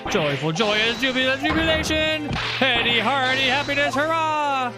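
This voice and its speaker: A man's voice: on the high side, normal speed, lightly acted. A man doing a gushing, jittery scholar. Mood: ecstatic. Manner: theatrical alliterative outbursts, swinging from gloom to glee. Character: nervous excitable Japanese male scholar, gushing. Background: loud game music.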